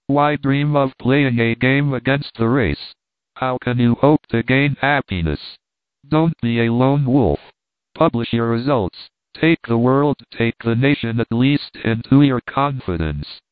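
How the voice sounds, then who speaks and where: A man voicing a cautious, reasoning gentleman who argues against a dangerous plan, on dry, phone-like audio. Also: mid-range voice, a little slow, clean tone, dry recording, lightly acted. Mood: urgent. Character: wary, reasoning adult man, a doctor.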